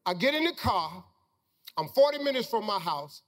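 Middle-aged male speaker, very high pitch, folksy preacher-style storytelling to an audience. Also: very animated, normal speed, a bit bright, long reverb tail. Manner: folksy, preacher-like storytelling with Southern Black vernacular. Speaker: motivational speaker. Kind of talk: storytelling talk to a live audience.

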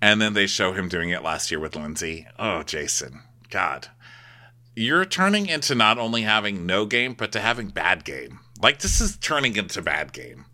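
A man co-hosting a casual recap podcast, animated and giggly, mocking the people he recaps. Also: lowish voice, moderate pace. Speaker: podcast co-host.

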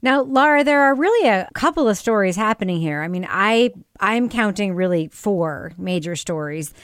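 Animated woman host, dry close sound. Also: moderate pace, clean tone, no echo. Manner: animated, pitch leaping up on questions. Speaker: podcast host. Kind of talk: casual discussion of a TV series.

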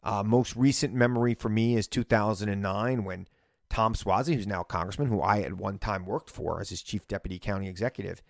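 A man's voice: on the low side, fairly quick, vocal fry, no room sound, studio quality. A male podcast host with a light Long Island accent, talking politics in a blunt, conversational way with wry asides. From Long Island, New York.

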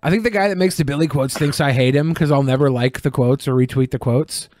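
A man's voice: medium pitch, quick pace, darkish tone, a little hiss or hum. A man hosting a podcast, joking in a sarcastic, self-mocking way. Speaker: podcast host. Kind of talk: casual comedic banter.

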